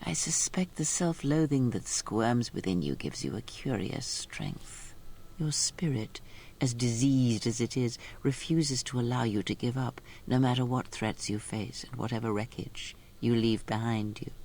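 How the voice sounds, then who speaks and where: An actress voicing a cold, cryptic, manipulative old female mentor in a video game, speaking in a slow, ominous, whispery way. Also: very deep voice, a little mellow, a little hiss or hum. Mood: probing. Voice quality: whispery, gravelly.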